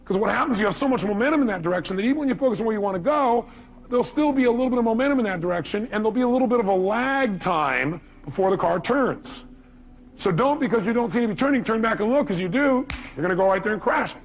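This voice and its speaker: A male motivational speaker addresses a seminar audience in a rapid, gravelly voice that sits a bit high for a man. He tells energetic stories and jumps in and out of acted-out dialogue. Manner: energetic storytelling, acting out dialogue. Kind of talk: live seminar speech.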